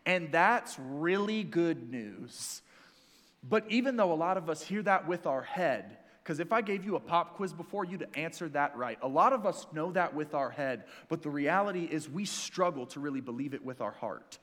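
A man preaching a sermon in a church, earnest and emphatic, dropping to soft, intimate lines between stronger passages. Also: on the high side, lively intonation, normal speed, big-room sound. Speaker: pastor.

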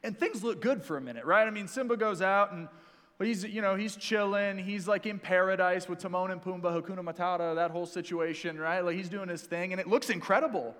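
A young man preaches to his congregation with an energetic, playful delivery and quick jokes. His voice sits a little high for a man. The sound carries a long reverb from the church hall. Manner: energetic, joking asides to the congregation. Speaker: pastor. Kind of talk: sermon.

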